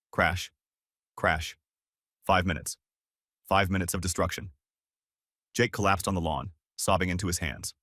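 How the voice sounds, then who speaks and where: A man's voice: low voice, fairly bright tone, no room sound, studio quality. A man narrating a dramatic first-person family story in short, terse lines.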